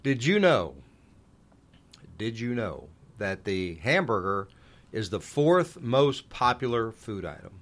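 A man's voice: lowish voice, sing-song, takes it slowly. A man hosting a local sports radio segment, chatting in a folksy, rambling way and poking fun at himself. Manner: folksy, rambling, self-deprecating. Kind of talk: casual on-air chat.

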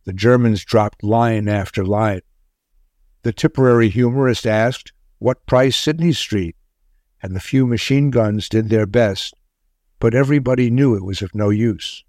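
A man narrating a wartime tale in a measured, grave storytelling manner. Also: lowish voice, darkish tone, no room sound, clean studio sound.

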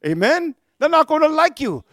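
A man preaching a fervent sermon, often calling out "amen?" and sometimes shouting. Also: very high-pitched, big pitch swings, normal speed, dry recording, studio quality. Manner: fervent, punctuates with "amen?" and "hallelujah"; rises to shouting at times.

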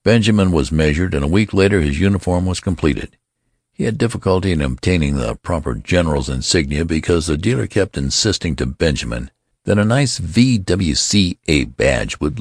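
A man reading a story aloud as narrator, with expressive storytelling. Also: low voice, moderate pace, vocal fry, dry recording, studio quality. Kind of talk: scripted audiobook narration.

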